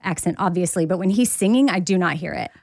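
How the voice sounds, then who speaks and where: A woman in her thirties co-hosts a podcast in casual, chatty conversation; she's a mom who also works in live radio. Her lowish, darkish voice is animated and fast, with vocal fry. The studio-quality recording has no echo.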